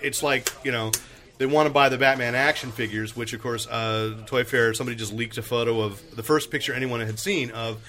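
Bright-voiced chatty man. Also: medium pitch. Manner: chatty, laughs often, trails off with fillers. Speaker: podcast host and comic editor. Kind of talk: casual group chat.

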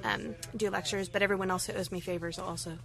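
Woman, comic shop owner, lively and bantering, crowd chatter behind. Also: medium pitch, fast talker, vocal fry. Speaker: comic store owner, guest. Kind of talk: casual chat.

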